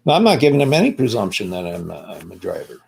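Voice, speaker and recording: Older man, low husky voice, blunt and foul-mouthed, rambling casual monologue. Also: sing-song, fast, darkish tone. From Canada.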